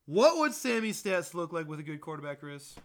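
A man co-hosting a casual sports talk show, joking and teasing with quick exclamations. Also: fairly high pitch, very animated.

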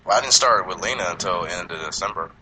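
A man hosting a casual movie podcast, rambling and profane, acting out quotes and laughing loudly. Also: low voice, quick pace, a little hiss or hum, rough recording.

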